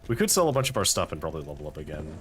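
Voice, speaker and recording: A man's voice: a bass voice, very animated, racing, fairly bright tone. A man casually commenting as he plays a video game, thinking aloud through his choices with wry asides. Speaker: let's-play host.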